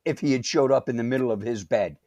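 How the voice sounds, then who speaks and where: A man's voice: mid-range voice, quick pace, mellow, no echo, highs cut off. A man co-hosting a comedy podcast, arguing his points and trading wry comebacks. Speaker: podcast co-host. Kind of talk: casual comedy podcast banter.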